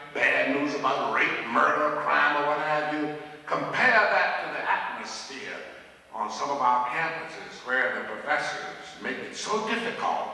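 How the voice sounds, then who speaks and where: A man giving a storytelling speech at a conference with an animated, preacherly delivery. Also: mid-range voice. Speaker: conference speaker. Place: large lecture hall. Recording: echoey hall from far off, old videotape.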